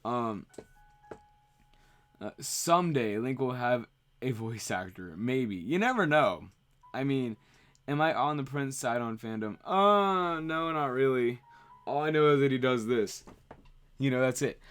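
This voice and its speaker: A man's voice: mid-range voice, unhurried, clean tone. A man streaming, chatting casually and rambling as he answers viewer questions. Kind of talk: casual livestream chat.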